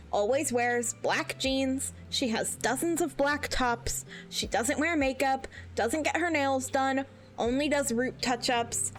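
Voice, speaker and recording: Giggly woman streamer reading posts out loud, high voice that bounces all over, music playing behind. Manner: giggly, reads with mock outrage. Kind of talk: casual chat, reading aloud.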